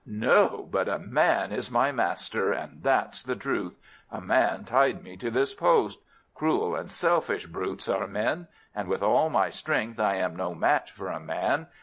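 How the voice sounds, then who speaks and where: A man voicing an excitable male elephant who shrieks and trumpets as he talks. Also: fairly low pitch, takes it slowly, full character voice. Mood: excited. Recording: dull lo-fi recording.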